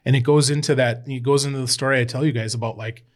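A man guest on a podcast, telling an old football story in a rambling, animated way and swearing freely. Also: medium pitch, quick pace. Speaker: podcast guest, former college football player. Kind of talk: casual storytelling chat.

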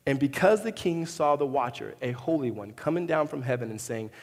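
A man preaching a sermon as pastor, animated, often restarting and acting out the voices he quotes. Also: mid-range voice, a little fast. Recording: reverberant hall.

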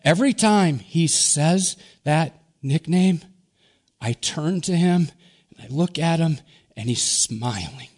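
A pastor from Wisconsin preaching in a slow, earnest way that sinks to hushed, whispered phrases on key words. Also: male voice, fairly high pitch, animated. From Wisconsin, USA. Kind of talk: sermon.

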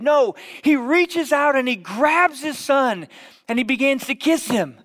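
A man preaching a sermon as vivid storytelling, dropping at times to hushed whispers. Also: very high voice, animated, a little slow. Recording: long reverb of a large hall.

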